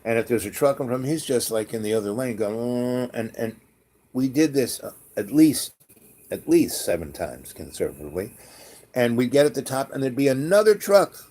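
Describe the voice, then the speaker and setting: A man casually telling a rambling, animated travel story, acting out the people in it. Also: medium pitch, moderate pace. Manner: rambling, animated anecdote with quoted voices.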